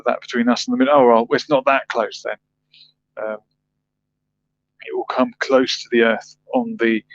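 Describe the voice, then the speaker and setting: A man's voice: mid-range voice, dry recording. A man hosting a livestream, chatting casually, reading viewer comments and musing aloud with rhetorical questions. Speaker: livestream host. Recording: dull lo-fi dry sound.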